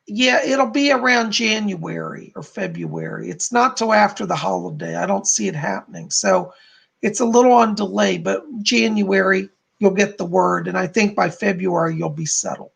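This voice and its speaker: Male psychic medium host; gravelly, husky tone, gentle delivery on a live stream. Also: sits high, animated, moderate pace. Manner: soft, relaying spirit messages, warm thanks to donors.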